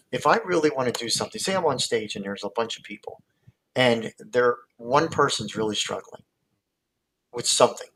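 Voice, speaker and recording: A man's voice: medium pitch, vocal fry, a bit bright, a little hiss or hum, low-quality recording. A man, a hypnotist guest, explaining his methods in casual talk with many fillers and restarts, heard over a video call.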